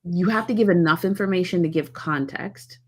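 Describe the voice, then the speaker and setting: A woman's voice: fairly low pitch, a little fast. A woman speaking as a guest in a casual leadership webinar, conversational and checking in with her listeners.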